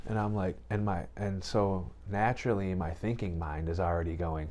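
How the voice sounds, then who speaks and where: A man's voice: low voice, steady tone, normal speed, hardly any pauses, a little mellow. A man chatting as a podcast guest, telling a story in a loose, rambling way and acting out what others said. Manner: rambling, peppered with "you know" and "right?"; acts out other people's lines when retelling. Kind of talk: casual storytelling chat.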